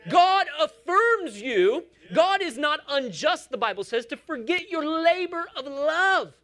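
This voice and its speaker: A woman's voice: high-pitched, lively intonation, unhurried, pushed and bright. A woman preaching a sermon in a church, emphatic and coaxing her congregation along.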